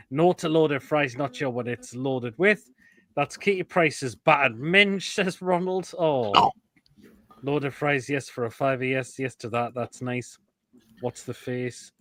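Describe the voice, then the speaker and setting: A man's voice: medium pitch, fairly bright tone, dry recording. A man hosting a casual live stream, reading out comments and crude jokes about food photos. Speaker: host.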